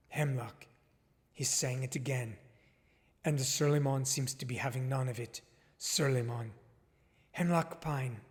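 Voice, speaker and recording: Man doing a grave male filmmaker, deliberate formal delivery, mid pitch, long reverb, radio play. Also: natural voice. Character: grave male documentary filmmaker, solemn and measured. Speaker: interviewer.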